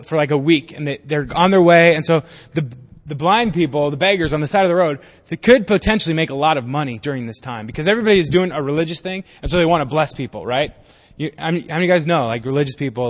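A man's voice: on the high side, fast talker, big-room sound. A man pastor giving a casual, conversational sermon in a church. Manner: casual, conversational preaching with acted-out voices.

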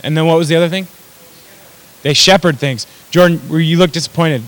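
A man's voice: on the high side, fairly even intonation, fairly quick, poor audio. A man preaching a sermon in a conversational, self-deprecating way, with asides to his audience. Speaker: pastor.

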